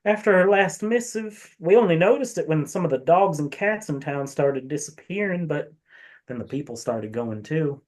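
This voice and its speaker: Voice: medium pitch, expressive, normal speed, a little mellow, voice pushed up, natural voice. Frazzled lil cleric guy, stammery, drawly put-on accent, a gm doing the voice. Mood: weary, frightened. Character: nervous male cleric, overwhelmed and fretful. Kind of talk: tabletop game role-play.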